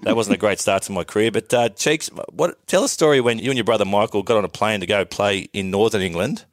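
Low-voiced man hosting a chat. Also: quick pace, no echo, clean studio sound. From Australia. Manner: relaxed, prompts guests with questions. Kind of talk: casual chat.

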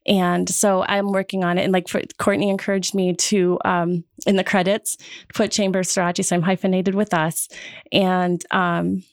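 A woman's voice: fairly low pitch, normal speed, no room sound, clean studio sound. A woman in her fifties from Wisconsin, telling personal stories in a casual group talk and acting out the voices of people she quotes. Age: 50s. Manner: lively storyteller, acts out quoted voices. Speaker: podcast guest sharing her story.

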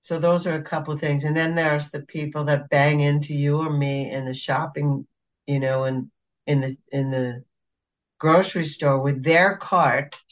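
A woman's voice: deep voice, steady tone, normal speed, dull audio. A woman podcast co-host who works as a facilitator, talking in a casual, emphatic and exasperated way. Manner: emphatic, exasperated about pet peeves. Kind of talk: casual chat.

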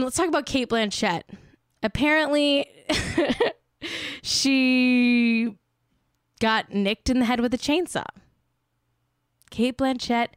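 A woman's voice: sits high, clean tone, dry recording, studio quality. Giggly rambling young woman podcaster. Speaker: podcast host. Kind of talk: casual chat.

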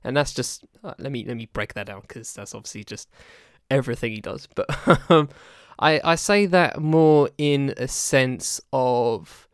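A man talks about an album in a halting, searching way, often trailing off and laughing. His voice is smooth and clear. The sound is dry and close. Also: medium pitch, dry recording. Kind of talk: casual music discussion.

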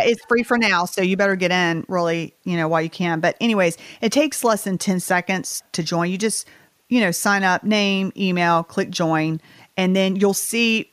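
A woman's voice: lowish voice, normal speed, dry recording. A woman with a Southern US accent, co-hosting a podcast in casual, chatty talk. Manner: chatty, animated, a little bitter. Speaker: podcast co-host. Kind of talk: casual chat.

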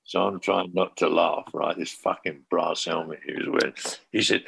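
A man, a former band manager, telling a profane and animated backstage anecdote in casual talk. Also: low voice, moderate pace, gravelly, slightly rough.

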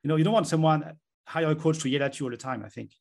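Man, author guest, quick earnest speech, gravelly, husky voice. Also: a little high. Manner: earnest, explanatory, talks himself through examples. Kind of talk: conversational interview.

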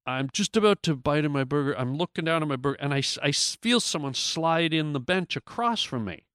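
A man's voice: on the high side, expressive, brisk, fairly bright tone, clean tone, dry recording, studio quality. A man, a guest comedian, telling a story in casual talk, with lots of restarts and acted-out quotes.

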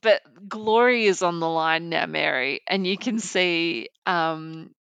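A woman's voice: lowish voice, slow pace, vocal fry, a bit bright, smooth, dry recording. An Australian woman co-hosting a podcast, chatting enthusiastically and thinking aloud as she talks. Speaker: podcast co-host. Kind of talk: casual chat.

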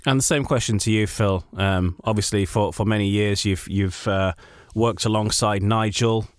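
A man hosting a podcast, asking guests questions with some hesitation and fillers, then presenting in a measured way. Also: fairly low pitch, steady tone, clear, resonant tone, no echo, clean studio sound. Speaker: podcast host.

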